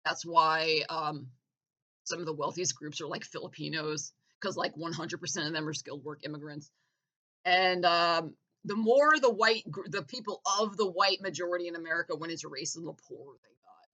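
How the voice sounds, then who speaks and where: A woman launches a heated, profane rant with biting sarcasm. Her voice is bright and edgy, and she mocks as she goes. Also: low voice, normal speed, rough recording. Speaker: vlogger.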